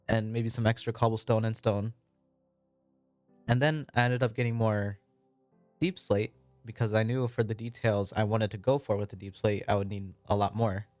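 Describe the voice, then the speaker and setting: A man's voice: fairly low pitch, a little mellow, no echo. Rambling self-deprecating American man. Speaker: Minecraft building let's-play creator. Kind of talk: casual narrated gameplay commentary.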